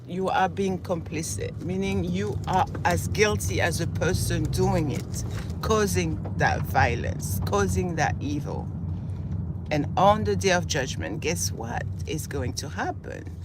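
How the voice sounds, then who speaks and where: Her fairly low voice, a little slow and groggy from just getting up, carries an impassioned vlog as she walks a city street to work with traffic audible behind her. She was born in Senegal, grew up in southern France, and keeps stacking her points in repeated lists.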